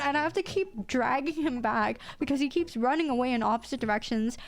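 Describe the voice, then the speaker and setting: A young woman streamer telling a story in casual chat, animated and quick to laugh, with some casual swearing. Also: high voice. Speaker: VTuber streamer.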